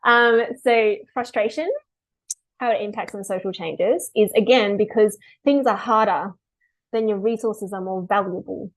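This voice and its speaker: A woman dog behaviourist talking through a webinar, lively and chatty, acting out owners in quick quotes. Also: medium pitch, low-quality recording. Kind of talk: webinar talk.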